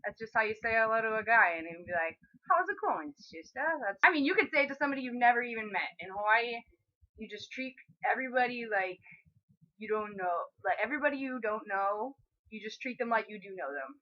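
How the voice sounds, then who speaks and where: A woman's voice: on the high side, fast talker. A woman from California, living in Hawaii, chatting playfully to her camera as a vlogger and explaining local words. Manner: chatty, playful, laughs between points. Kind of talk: casual explainer vlog. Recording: slightly dull lo-fi sound.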